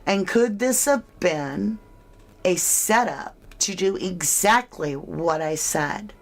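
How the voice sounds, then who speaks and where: A woman talks through a true crime case in a relaxed, speculative way. Her voice sits low and her pace is unhurried, and she keeps turning to her listeners with questions. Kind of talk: casual speculative commentary.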